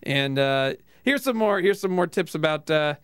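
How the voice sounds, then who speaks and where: A man's voice: on the high side, expressive, moderate pace, a bit bright, clear, resonant tone, dry recording. A man hosting a comedy podcast, chatting casually with frequent fillers and laughter. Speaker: podcast host.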